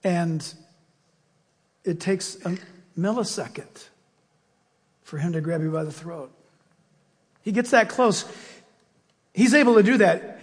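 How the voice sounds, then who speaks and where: A man's voice: high voice, slow, long pauses, husky, in a large hall. A man preaching a sermon as pastor, telling stories and acting out voices as he goes. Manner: animated storytelling with acted-out voices.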